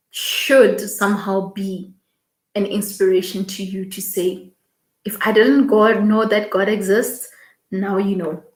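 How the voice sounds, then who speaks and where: A woman hosting a morning livestream, talking slowly as she reads out viewer comments. She sounds emotional, and her voice rings in an echoey room. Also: mid-range voice. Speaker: host. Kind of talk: casual livestream talk.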